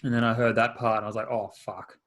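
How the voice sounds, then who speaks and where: A man's voice: medium pitch, level tone, rapid-fire, fairly bright tone. A man hosting a casual gaming podcast, laid-back and swearing freely, laughing often. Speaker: podcast host. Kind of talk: casual chat.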